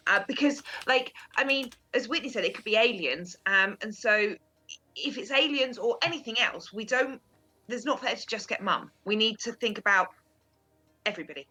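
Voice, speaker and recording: A woman's voice: medium pitch, sharp tone. A woman playing a tabletop game, earnestly thinking a plan through aloud. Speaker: player. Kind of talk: tabletop role-play.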